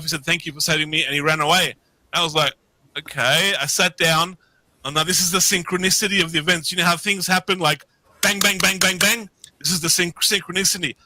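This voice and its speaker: Bright, rambling middle-aged man. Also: high-pitched, no echo, rough recording. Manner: rambling, swears freely, restarts often. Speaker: guest. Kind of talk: casual storytelling. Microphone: video call.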